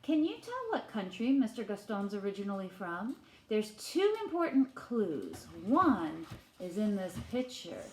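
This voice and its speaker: Teacher lady reading a kids book slow, bouncy voice, echoey room. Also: mid-range voice, sing-song, a little hiss or hum. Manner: gentle, questioning, playful voices for characters. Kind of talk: children's read-aloud lesson.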